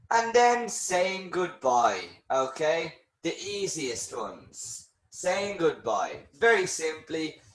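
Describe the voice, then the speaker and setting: A man teaching English, slow and unhurried, with a voice that climbs and dips a lot as he reads example phrases aloud. He sounds patient and reassuring, and the room around him rings with echo. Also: a little high. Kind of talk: live online English lesson.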